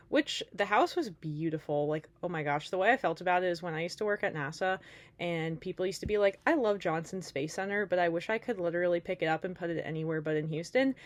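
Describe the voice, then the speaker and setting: A woman in her late twenties chatting casually to camera as a vlogger. She rambles, with many fillers and asides. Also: low voice. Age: late 20s.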